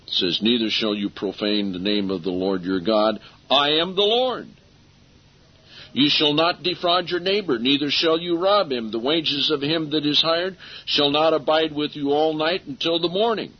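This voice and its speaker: In a husky voice pitched fairly high, a preacher reads scripture with strong emphasis during a sermon, slowing sharply on the key phrases. The audio is lo-fi and dull.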